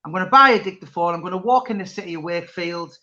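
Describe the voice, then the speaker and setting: High, bright-voiced man on a lo-fi call. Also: quick pace. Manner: rambling, many restarts. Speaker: interviewer and author. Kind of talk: casual chat.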